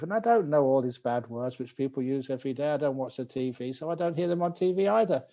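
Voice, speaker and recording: Mellow monk telling a story. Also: male voice, medium pitch, muffled recording. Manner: relaxed, gently humorous storyteller. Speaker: Buddhist monk teacher. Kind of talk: dharma talk with storytelling. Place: retreat talk.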